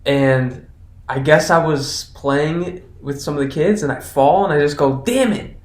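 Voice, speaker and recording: A man's voice: a little high, steady tone, unhurried. A young man co-hosting a podcast, chatty and curious, asking lots of questions. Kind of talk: casual chat. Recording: roomy echo.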